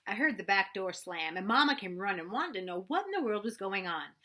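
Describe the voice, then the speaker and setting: A woman reads a storybook chapter aloud with animated, expressive narration. Her voice is bright and lively, rising and falling freely through the telling. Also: mid-range voice, brisk. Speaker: reader.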